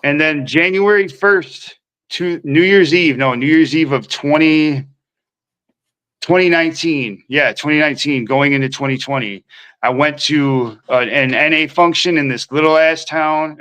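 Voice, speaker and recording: Man from Minnesota, bright clear voice, casual slangy storytelling, podcast guest. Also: on the high side, low-quality recording. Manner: rambling, slangy, acts out quoted voices.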